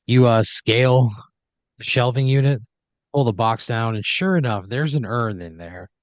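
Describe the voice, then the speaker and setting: A man's voice: mid-range voice, moderate pace, no room sound. Guy spinning an improv story, loose and rambling, dry close mic sound. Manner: rambling, loose narration with fillers, puts on voices for characters. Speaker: host. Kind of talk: improvised storytelling, narrating a scenario.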